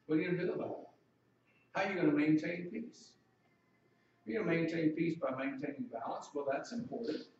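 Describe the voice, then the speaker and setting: A man's voice: fairly high pitch, fairly quick, darkish tone, heavy reverb, recorded from a distance, dull audio, slight background noise. A man preaching a sermon in a conversational way, asking the congregation questions.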